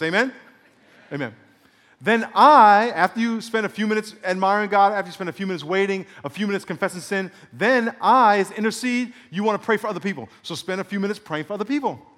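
Pastor, male, fairly high voice, preaching in a big echoing hall. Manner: preaching with call-and-response, then softly guiding prayer. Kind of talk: sermon.

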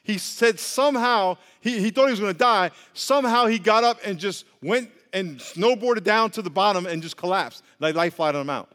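High-voiced man preaching in echoey hall. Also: normal speed, few pauses, fairly bright tone. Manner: conversational, joking, call-and-response. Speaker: pastor. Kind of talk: sermon.

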